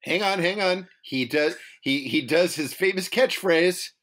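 A man's voice: high voice, measured pace, a crowd in the background. A man co-hosting a casual podcast chat, joking around and breaking into silly bits. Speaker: podcast co-host.

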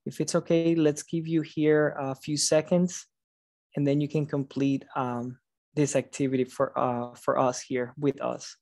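A man's voice: on the high side, level tone, measured pace, vocal fry, darkish tone, no echo, clean studio sound. Tired man presenting over a video call. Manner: encouraging, reads out audience answers with praise; stumbles and restarts words now and then. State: tired, late at night. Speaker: conference presenter, teacher educator. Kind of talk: online conference presentation.

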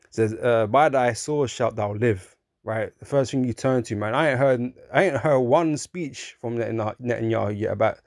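A man's voice: lowish voice, darkish tone, dry recording, clean studio sound. A man giving an informal preaching monologue, talking conversationally, often asking "right?", chuckling and mocking in put-on voices. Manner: chuckles through his points, mocks in put-on voices. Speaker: religious commentator.

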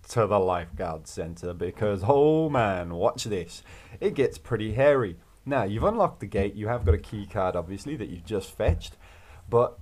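Chatty, lower-voiced man narrating gameplay. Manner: upbeat, chatty and jokey, with playful rhymes and laughs. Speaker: video game walkthrough host. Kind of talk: casual gameplay commentary.

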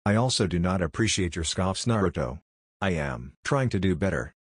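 A man's voice: low voice, lively intonation, moderate pace, breathy edge, no room sound, clean studio sound. A man reading the lines of a tired, stern adult ninja teacher in a story.

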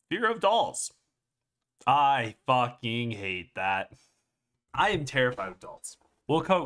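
A young man hosting a joking comedic commentary video, playful and jokey, often jumping into high squealing exclamations. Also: pushed and bright. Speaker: streamer and video host.

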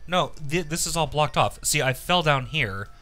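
A man's voice: fairly high pitch, expressive, normal speed, pushed and bright. A man playing a video game, joking, swearing and thinking aloud as he plays. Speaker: let's play gamer. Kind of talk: casual gaming chat.

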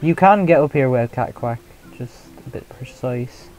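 A man's voice: mid-range voice, animated, normal speed, soft background music, poor audio. Self-mocking young man streaming a game. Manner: self-mocking, chatty, reacts loudly and laughs often. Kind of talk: casual live gameplay commentary.

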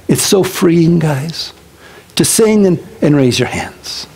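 A male pastor giving a casual Bible-teaching sermon to his congregation, animated and conversational with joking asides. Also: fairly high pitch, slow, creaky, slightly rough. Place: church service before a congregation.

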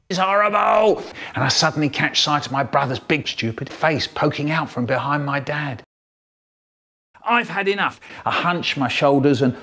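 Older guy spinning a silly story, slow, voice leaping all over the place. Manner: animated, theatrical storytelling, voices jump high for quoted shouts. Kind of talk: storytelling monologue, spliced parody edit.

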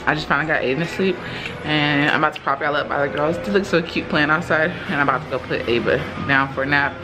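A woman's voice: deep voice, quick pace, music in the background. A young woman chatting casually to her phone camera as a mom vlogger at home, calling her viewers y'all. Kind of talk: casual vlog talk to camera. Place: at home with babies. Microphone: phone held by hand. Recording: noisy home phone recording.

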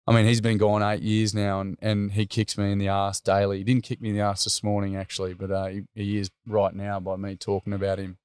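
Australian man, low voice, smooth, dry close sound, earnest storytelling. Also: monotone, fairly quick, few pauses, darkish tone, no echo. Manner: earnest, rambling with fillers. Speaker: interview guest. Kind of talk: personal storytelling.

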